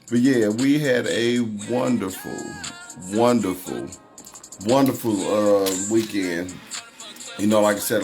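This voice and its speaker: A man hosting a casual livestream, greeting viewers by name and talking over the news in a loose, conversational way. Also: fairly low pitch. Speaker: livestream host.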